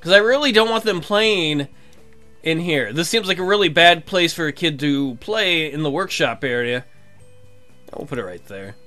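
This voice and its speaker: A man hosting a let's play, giving casual, excitable commentary full of jokes and swearing. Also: on the high side, normal speed, faint music behind. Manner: excitable and jokey, swears freely.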